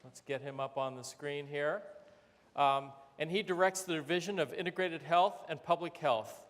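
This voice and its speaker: A man's voice: a little high, moderate pace, fairly bright tone. A man introducing the next speaker at a public lecture, friendly and informal with some hesitation. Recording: lecture hall reverb.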